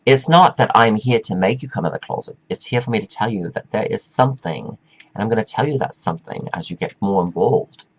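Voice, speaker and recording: A man's voice: on the low side, lively intonation, brisk, poor audio. A man giving a meandering, preachy spiritual pep talk, stretching out words for emphasis. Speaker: self-help speaker.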